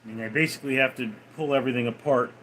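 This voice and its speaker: A man's voice: medium pitch, steady tone, racing, a bit bright, a little hiss or hum, low-quality recording. A man hosting a casual livestream, laid-back as he answers viewers' chat messages one by one. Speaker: livestream host reading chat.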